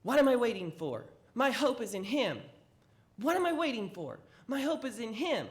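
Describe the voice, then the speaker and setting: A desperate sick woman, as a church teacher puts her on pleads over and over as she pushes through a crowd. Her voice climbs high and loud when she insists, then drops low and soft when she confesses. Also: unhurried, natural voice. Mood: pleading, determined.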